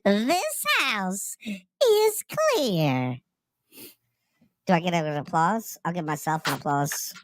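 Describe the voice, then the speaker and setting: A man putting on the voice of a tiny, eerie old woman psychic medium, speaking slowly and theatrically as a comic character reading an ad. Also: high-pitched, big pitch swings, no echo, pitched above the performer's own voice, exaggerated voice. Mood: drawling eerie. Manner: slow, drawn-out, theatrical.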